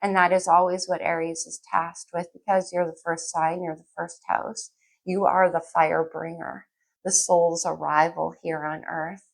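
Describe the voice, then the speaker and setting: Gravelly, low-voiced woman reading tarot. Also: level tone, a little slow. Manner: chatty, scattered, thinks aloud while pulling cards. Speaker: tarot reader. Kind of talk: casual tarot reading to camera.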